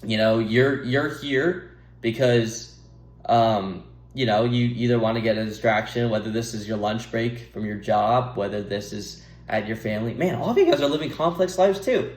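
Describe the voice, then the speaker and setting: A man's voice: mid-range voice, moderate pace, a little mellow. A young man giving rambling, earnest advice to camera, breaking off to laugh at himself and drift off topic. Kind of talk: rambling casual monologue to camera. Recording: echoey room.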